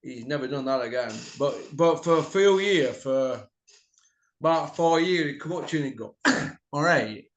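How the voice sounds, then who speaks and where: A middle-aged man telling a rowdy story in casual chat, mouthy and quick to laugh. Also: a little high, animated. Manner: mouthy, laughs a lot, slips into quoted voices. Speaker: podcast host. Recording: echoey room.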